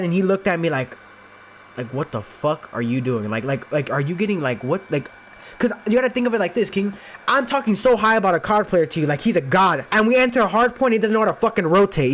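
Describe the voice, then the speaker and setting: High-voiced young man telling a story. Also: a bit bright. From Los Angeles area, USA. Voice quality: heavy filler "like", profane, rambling restarts. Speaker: podcast guest. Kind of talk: casual storytelling chat.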